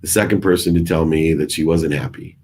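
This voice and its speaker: A middle-aged man with a very low, husky voice tells his own life story. He talks with emphasis, rising to loud bursts and dropping into hushed asides, and plays out the exchanges he quotes. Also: fairly even intonation, fairly quick. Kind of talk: personal storytelling talk.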